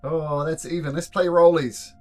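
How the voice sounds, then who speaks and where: A man's voice: a little high, steady tone, moderate pace, soft background music. Laid-back male game master. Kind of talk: narrating a tabletop game.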